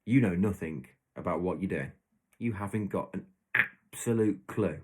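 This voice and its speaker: A man's voice: deep voice, normal speed, slightly rough. A man hosting his own podcast, talking casually and rambling through made-up examples with lots of restarts. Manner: rambling, self-correcting, storytelling with hypothetical examples. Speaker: podcast host. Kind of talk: casual solo podcast monologue.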